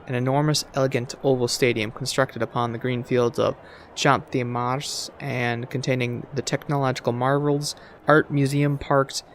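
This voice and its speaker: Gravelly man reading a game aloud. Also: mid-range voice, slight background noise. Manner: reads aloud with stumbles and asides. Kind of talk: let's play reading aloud.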